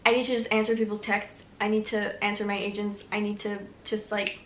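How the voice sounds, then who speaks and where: A woman's voice: medium pitch, level tone, brisk, slight background noise. Chatty young woman, echoey room. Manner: chatty, rambling, frequent "like". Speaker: vlogger. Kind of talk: casual storytelling vlog.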